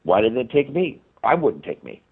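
Speaking at normal speed with a medium-pitched, slightly rough voice, a male radio guest spins out a long tale over a tinny phone connection. The paranormal investigator and author rambles animatedly and restarts often.

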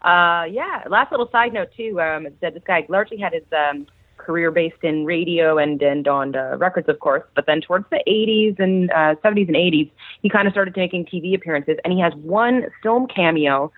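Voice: mid-range voice, a little fast, dry recording. A podcast co-host chatting casually and upbeat, heard over a tinny phone line. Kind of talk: casual chat.

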